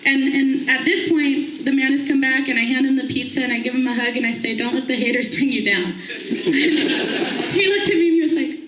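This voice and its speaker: She speaks in a high, bright voice, animated as she tells a personal story to a group. She acts out each person's lines as she goes. The sound is roomy, picked up from across an echoey room. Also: moderate pace, distant mic, a little hiss or hum. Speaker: staff member sharing a morning thought.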